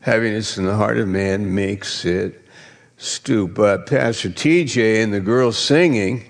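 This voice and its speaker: Slow-talking preacher guy, playful and teasing, big reverby church hall. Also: on the low side. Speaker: pastor. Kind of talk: sermon.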